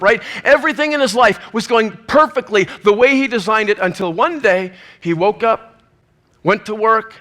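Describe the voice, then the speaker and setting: A male preacher telling a story in a sermon, lively and acting out the scenes. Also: sits high.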